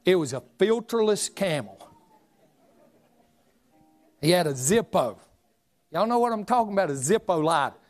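A man in his forties with a drawl preaches in a folksy, joking storytelling way. His voice sits a touch high for a man. Soft music plays faintly behind him in the church. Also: moderate pace, pauses often. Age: 40s. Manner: folksy, humorous, animated storytelling. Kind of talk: storytelling sermon.

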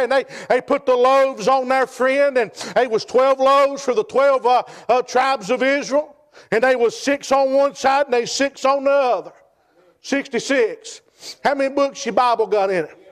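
A man preaching a sermon in a church, fervent and peppering his phrases with "hey" and "uh". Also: very high voice.

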